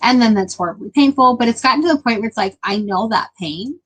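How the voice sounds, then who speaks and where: A woman's voice: a little high, quick pace, husky, low-quality recording. A young adult woman chatting casually with her live stream viewers, rambling with lots of filler words.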